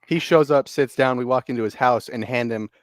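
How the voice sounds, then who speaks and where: A man co-hosting a casual chat, telling animated gaming stories, swearing freely and laughing often. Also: mid-range voice, brisk, dry recording, clean studio sound. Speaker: podcast co-host.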